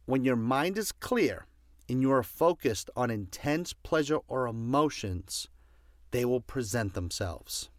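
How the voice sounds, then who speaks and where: A man's voice: medium pitch, expressive, unhurried, no echo, clean studio sound. A man giving a passionate motivational talk, stressing his points by repeating commands. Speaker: motivational speaker.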